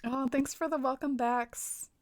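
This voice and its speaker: On a game stream, a Southern American woman with a light twang chats casually, reading viewer comments and often giggling between filler-heavy sentences. Her voice sits high, with fairly even intonation and a measured pace.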